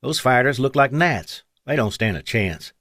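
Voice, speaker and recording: A man's voice: mid-range voice, expressive, moderate pace, a bit bright, dry recording, studio quality, lightly acted. A man voicing a small, anxious young male lieutenant who speaks plaintively and emotionally. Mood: awed.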